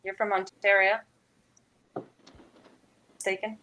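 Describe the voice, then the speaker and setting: A woman's voice: mid-range voice, little pitch movement, takes it slowly, sharp tone, rough recording. A woman from Quebec chatting casually in an online group call, talking with frequent laughter. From Quebec, Canada. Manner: chatty, laughing, restarts often.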